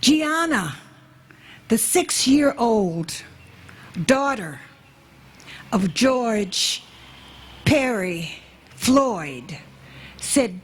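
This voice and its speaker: A woman from the United States gives an emotional memorial address. Her voice is husky and sits a little high. She speaks slowly and measures out each phrase, leaning on repetition. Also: sing-song. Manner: slow and measured, with emphatic repetition. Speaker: ambassador giving a memorial statement.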